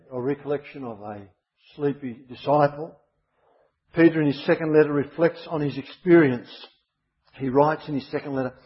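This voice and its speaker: A man delivers a sermon in a slightly high, husky voice, driving points home by repeating them. The recording is dull and muffled. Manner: emphatic, repeats key phrases. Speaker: preacher.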